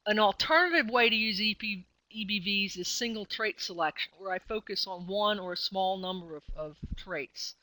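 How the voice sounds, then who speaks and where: In a poor-quality recording, a female extension specialist leads a webinar with a bright, forward, medium-pitched voice. She explains casually, stumbling on fillers and correcting herself as she goes. The sound sits dry and close, with no room sound at all.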